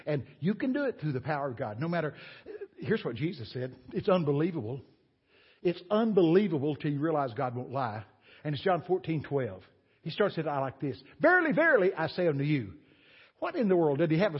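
A man's voice: a little high, slightly rough, in a large hall, lo-fi sound. An older man preaching a sermon as a guest speaker, folksy and emphatic, weaving homespun stories into his preaching in a church. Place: church sanctuary.

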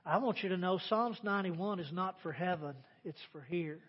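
A male pastor delivers a sermon in a fairly high voice, pushing phrases out loudly and then dropping to quiet, personal asides. His voice carries a long, ringing reverb from a large church space. The recording itself sounds somewhat dull and muffled. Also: normal speed, slightly rough. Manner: emphatic preaching, swinging between loud declarations and quiet asides.

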